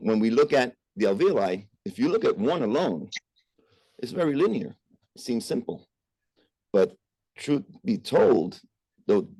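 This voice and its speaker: Low, dark-voiced male medical lecturer. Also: no room sound. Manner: explanatory, with frequent "uh" and "right?". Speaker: physician lecturer. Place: remote presentation over a call.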